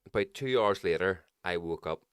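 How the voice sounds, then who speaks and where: A young man, a podcast co-host, telling a sweary, animated story in casual chat. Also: sits low, moderate pace, clean tone, dry recording, clean studio sound.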